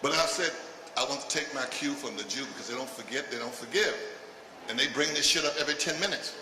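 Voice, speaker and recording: An older man doing stand-up comedy with a provocative, punchy delivery that breaks into shouts. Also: mid-range voice, fast talker. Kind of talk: stand-up routine. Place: live comedy stage. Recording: echoey live venue from a distance with noise.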